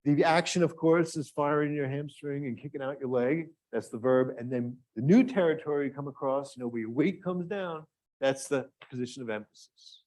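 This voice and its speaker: Male workshop instructor, mid-pitched and engaging, quizzes his audience. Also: moderate pace, darkish tone. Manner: engaging, asks the audience questions. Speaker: grant writing workshop instructor. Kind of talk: live workshop lecture. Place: classroom with live and remote audience.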